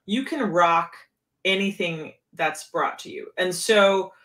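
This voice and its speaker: A woman keytar player in casual chat, talking with animated, swooping emphasis. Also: lowish voice, slow pace.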